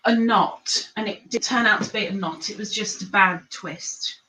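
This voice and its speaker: A woman's voice: medium pitch, normal speed, sharp tone. A woman hosting a casual live chat, quizzing her viewers in a chatty, giggly way. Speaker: host. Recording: echoey room.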